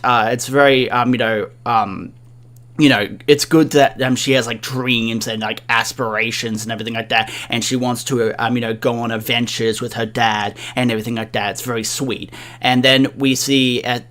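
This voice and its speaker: A man's voice: medium pitch, fairly bright tone. A man hosting an anime review channel who recaps an episode casually, rambling with many fillers. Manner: rambling, heavy on fillers like um and you know.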